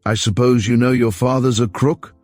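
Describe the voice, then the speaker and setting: A man's voice: mid-range voice, steady tone, moderate pace, darkish tone, dry recording, soft background music, pitched above the performer's own voice, lightly acted. Man voicing a sneering, cruel young swindler. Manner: sneering, rough. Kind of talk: audiobook character voice.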